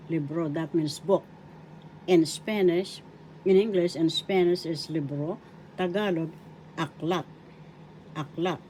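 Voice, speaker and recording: An older woman from the Philippines with a Filipino accent, teaching a language lesson slowly, spelling out each word by syllables and repeating it. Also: fairly low pitch, mellow, slight background noise, poor audio.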